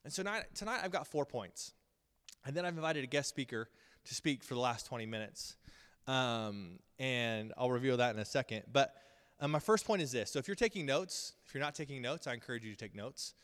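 A man's voice: medium pitch, a bit bright, smooth. Guy in his 30s giving a chatty sermon, lots of ums, echo hanging in a big hall. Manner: casual and earnest, with many ums and restarts. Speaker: Bible school teacher. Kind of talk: conversational sermon. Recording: long reverb of a hall.

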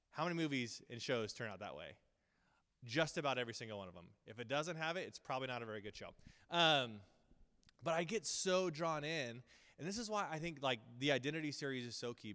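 Speaking to his Bible school group, a man in his thirties preaches an earnest yet casual sermon as the series' pastor, rambling through fillers and restarts. He has a mid-range, slightly bright voice, recorded with a large hall's long reverb.

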